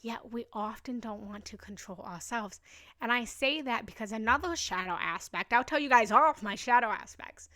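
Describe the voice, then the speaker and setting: A woman's voice: medium pitch, bright, forceful tone. A young woman hosting a live meditation session, talking in a casual, emotional and gushing way and laughing often. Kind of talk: casual live-stream chat.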